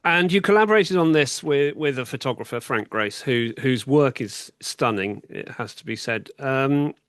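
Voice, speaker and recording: A man's voice: medium pitch, lively intonation, moderate pace, a bit bright, no room sound, clean studio sound. A man hosting a podcast, who asks thoughtful questions and often restarts his phrases in a casual interview. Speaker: podcast host.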